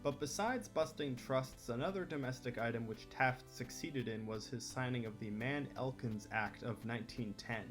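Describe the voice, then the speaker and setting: A man's voice: medium pitch, normal speed, hardly any pauses, music in the background. A man hosting a history channel, narrating scripted commentary with opinionated, wry asides.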